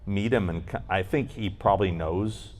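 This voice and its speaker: A man with a fairly low voice tells a long, rambling story on a live convention panel. He swears freely and slips into the voices of the people he quotes. It sounds like a handheld mic in a panel room. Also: normal speed, a little mellow. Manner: rambling, profane anecdotes with acted-out quotes. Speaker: podcast co-host.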